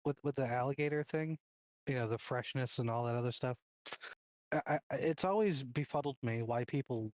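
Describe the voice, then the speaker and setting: Mid-pitched male podcaster, dry sound, blunt and opinionated. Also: moderate pace, darkish tone, dry recording. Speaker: podcast co-host. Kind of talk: casual chat.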